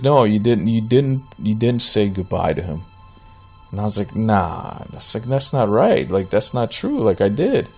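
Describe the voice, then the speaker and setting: A man's voice: lowish voice, creaky, darkish tone. A man in his thirties hosting a solo podcast, telling a story in a casual, rambling way with many fillers and restarts. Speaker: podcast host.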